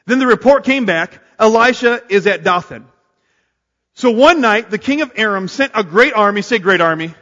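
A man preaching a sermon to a congregation, energetic and calling on them to answer back. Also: high voice, moderate pace, lo-fi sound. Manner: energetic, calls on the congregation to respond. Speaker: pastor. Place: church sanctuary. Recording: long hall reverb. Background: congregation responding.

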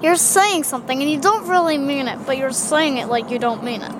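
A woman's voice: high voice, a little fast, noisy background. A woman in a homemade comedy sketch, explaining things with giggles.

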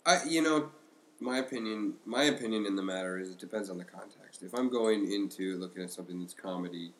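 A man co-hosting a podcast in casual discussion, halting, with many fillers and restarts. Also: fairly low pitch, low-quality recording. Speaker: podcast co-host.

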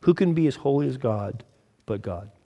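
A man preaching a sermon in a conversational, storytelling way, acting out the characters with lively quotes. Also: mid-range voice, moderate pace, dull audio.

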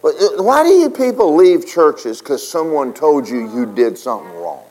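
Animated man preaching. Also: fairly high pitch, normal speed, low-quality recording. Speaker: pastor. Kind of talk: sermon.

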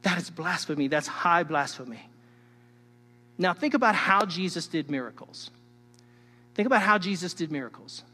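Man, pastor, sermon, emphatic, teacherly, high-pitched, long hall reverb. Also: animated, moderate pace, pauses often. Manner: emphatic, swings between loud and hushed; teacherly, addresses the listeners directly.

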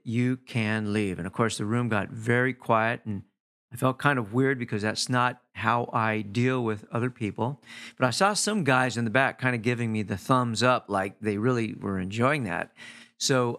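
A calm, mellow-voiced middle-aged man talks to his podcast listeners as their hypnotherapist host. He tells his story in a loose, conversational way, full of little fillers and asides, and sits at an average pitch for a man. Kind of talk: casual storytelling monologue.

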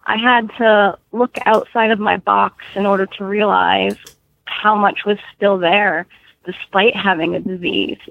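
Brief: young woman in her twenties, short of breath, gravelly fry, dull lo-fi sound. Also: medium pitch, steady tone, a little slow. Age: 20s. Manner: chatty, laughs often, restarts. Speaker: guest author. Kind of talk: casual podcast interview. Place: home in Florida. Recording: dull lo-fi audio.

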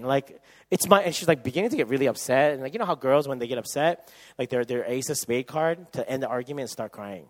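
A man in his thirties preaching at a camp, telling a personal story with lively acted-out voices and frequent laughter. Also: medium pitch, quick pace. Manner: animated storyteller, acts out voices, laughs often. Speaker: camp speaker. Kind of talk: sermon with storytelling.

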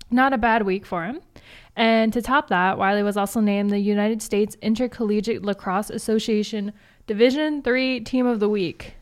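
A young woman in her twenties hosting morning announcements on college radio and reading a sports recap, with chatty asides. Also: medium pitch. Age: 20s. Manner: reads scores briskly, chatty asides. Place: campus radio studio.

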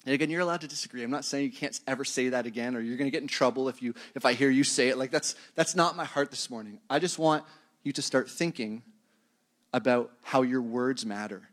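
A man, a pastor, preaching a sermon in a relaxed, conversational way and chuckling at his own tangents. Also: medium pitch, fast.

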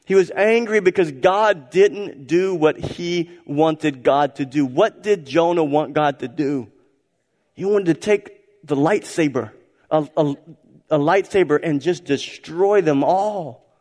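Male pastor, somewhat high voice, emphatic sermon delivery with dramatic volume swings, recorded in a reverberant sanctuary. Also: takes it slowly. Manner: emphatic, repeats phrases, swings between loud and hushed. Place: church sanctuary. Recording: church hall reverb.

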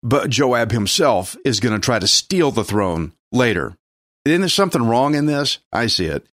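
A man's voice: mid-range voice, very animated, normal speed, fairly bright tone, dry recording, clean studio sound. Plainspoken man teaching a sermon. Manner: conversational, plainspoken, asks the listeners questions. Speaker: pastor. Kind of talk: expository Bible teaching sermon.

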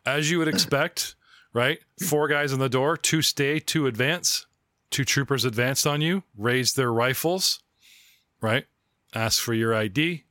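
Man game master, mid pitch, rambling and laid-back, dry close mic. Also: unhurried, sharp tone, dry recording. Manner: chatty, laid-back, rambling scene descriptions. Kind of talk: running a tabletop game.

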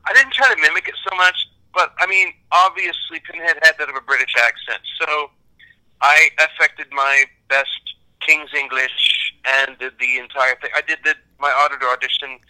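An American man from Kansas, an actor, chatting casually in an interview in a rambling, animated, self-deprecating way. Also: on the high side, moderate pace, clean tone, poor audio. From Kansas, United States. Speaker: actor guest.

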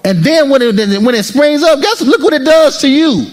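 A male pastor preaching an animated sermon, joking with the congregation and acting out people's inner voices. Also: extremely high pitch, normal speed, hardly any pauses. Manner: jokes and teases the congregation.

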